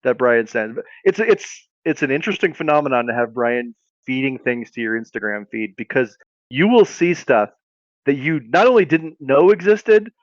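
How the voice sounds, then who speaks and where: A man's voice: mid-range voice, very animated, moderate pace, no room sound, lo-fi sound. A man co-hosting a comedy podcast in casual chat, often breaking into laughter and exclamations. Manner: reacts with bursts of laughter and exclamations. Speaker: podcast co-host.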